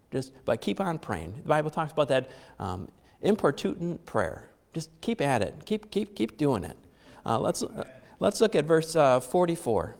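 A man's voice: medium pitch, vocal fry, a little mellow, in a large hall. A man preaching a conversational sermon, repeating phrases for emphasis and chuckling now and then.

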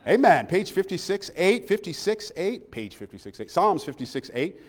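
A man preaching a sermon as pastor, dropping into soft confiding asides, then rising to loud fervent preaching and calling out for amens. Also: high voice, big pitch swings, a little fast. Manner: calls out for amens from the congregation. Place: outdoor service by a pond. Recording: long hall reverb.

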